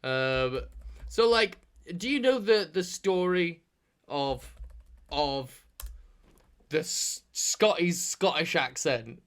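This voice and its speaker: A man's voice: on the high side, expressive, slow, fairly bright tone. A man co-hosting a podcast, chatting casually, rambling with restarts and casual swearing. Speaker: podcast co-host. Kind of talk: casual chat.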